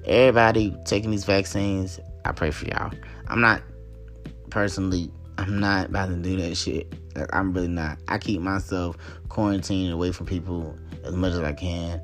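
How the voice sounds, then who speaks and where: A very deep-voiced man delivers a solo talk-show rant, heated and full of profanity. He keeps coming back to the same points with blunt emphasis, while faint music plays under him. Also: fairly even intonation, normal speed. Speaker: podcast host.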